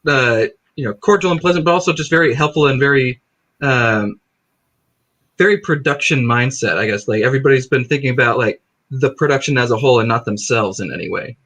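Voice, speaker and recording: A man's voice: mid-range voice, fairly quick, fairly bright tone, rough recording. Hesitant man, heavy on fillers. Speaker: actor guest. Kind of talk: casual chat.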